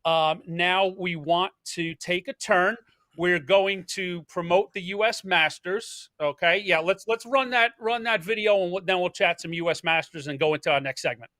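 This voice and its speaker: A man's voice: high voice, moderate pace, pushed and bright, no echo. A man hosting a podcast in casual chat, upbeat and jokey, often repeating words as he starts a sentence. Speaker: podcast host.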